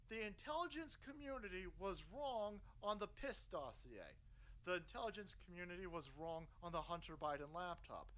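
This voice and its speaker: A man's voice: high voice, a bit bright, poor audio. A man in his thirties streaming a profane political rant, mocking and sarcastic, swearing constantly. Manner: puts on voices to mock people.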